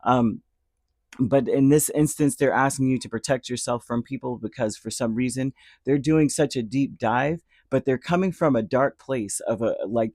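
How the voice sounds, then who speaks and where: A man's voice: mid-range voice, moderate pace, darkish tone, no room sound. A man giving a casual spoken tarot reading. He rambles and restarts his words often. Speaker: tarot reader.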